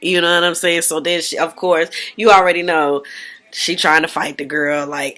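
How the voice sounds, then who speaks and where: A woman's voice: deep voice, a little slow, fairly bright tone. A woman recapping a reality show in casual, blunt, profane slang. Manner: blunt, profane, slangy gossip with acted-out quotes.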